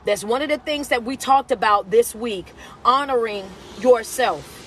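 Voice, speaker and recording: A woman life coach hosting a live stream, greeting viewers by where they watch from in an energetic, casual way. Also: a little high, a little slow, slight background noise. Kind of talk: live-stream motivational talk.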